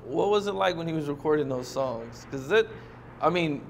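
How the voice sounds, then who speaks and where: A man interviewing a guest, nudging the story along with brief questions and quick affirmations. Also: fairly high pitch, expressive, creaky, slight background noise. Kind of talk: casual interview.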